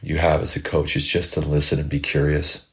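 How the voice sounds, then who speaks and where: Heartfelt and halting, a middle-aged podcast host and life coach reflects in a monologue full of repeated words. His bass voice is monotone yet pushed and bright.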